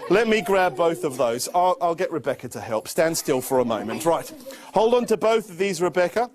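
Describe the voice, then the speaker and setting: A children's magician talks young volunteers through his tricks in a playful, coaxing way. His voice sits a little high and swoops about with lively energy. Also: moderate pace, crowd noise. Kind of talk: live magic show with teaching.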